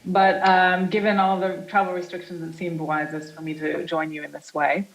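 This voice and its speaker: A woman's voice: on the low side, moderate pace, dull audio. Chatty American woman on a panel. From United States. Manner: chatty, animated, frequent fillers and laughs. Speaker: panelist, art historian and museum curator. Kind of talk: panel discussion over video link.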